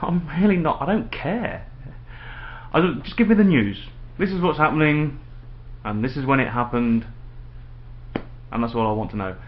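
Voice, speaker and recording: A man's voice: medium pitch, animated, normal speed, pauses often. A man ranting sarcastically to camera in a casual vlog at home. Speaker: vlogger. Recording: dull lo-fi home video with faint noise.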